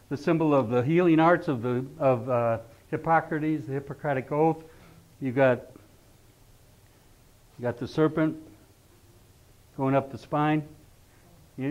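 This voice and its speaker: A man's voice: a little high, fairly even intonation, normal speed, pauses often, a little mellow. A middle-aged man teaching an astrology class, talking conversationally and often putting rhetorical questions to his students. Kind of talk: lecturing a class. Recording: dull lo-fi recording.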